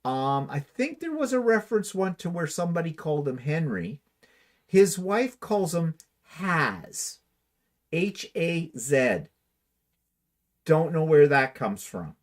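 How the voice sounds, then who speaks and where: A man's voice: a little high, big pitch swings, slow pace. A man co-hosting a casual livestream, reading viewer comments aloud and answering them with dry, wry humor. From Canada. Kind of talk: casual chat.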